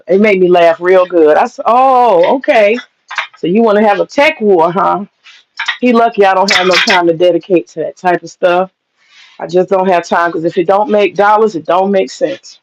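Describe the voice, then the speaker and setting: Blunt, gravelly woman livestreaming from her kitchen. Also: medium pitch. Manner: blunt, profane, rambling storytelling. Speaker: livestreaming vlogger. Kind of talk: casual livestream chat. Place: home kitchen, indoors. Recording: slightly dull lo-fi livestream audio.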